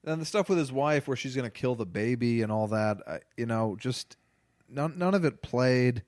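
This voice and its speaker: A man co-hosting a movie podcast, talking casually and ranting in an animated, exasperated way. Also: mid-range voice, normal speed, dry recording, studio quality. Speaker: podcast co-host reviewing movies. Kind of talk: casual chat.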